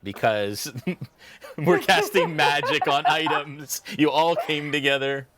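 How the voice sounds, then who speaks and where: A man's voice: fairly high pitch, slow pace, crowd noise. A man narrating and ruling as dungeon master of a tabletop game, laughing often.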